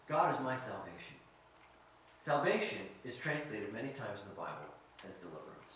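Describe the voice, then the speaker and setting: A man telling a story as a sermon, animated and quizzing his audience. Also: lowish voice, normal speed, slight background noise. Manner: animated, asks the audience questions. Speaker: guest speaker. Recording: very echoey hall, mic at a distance.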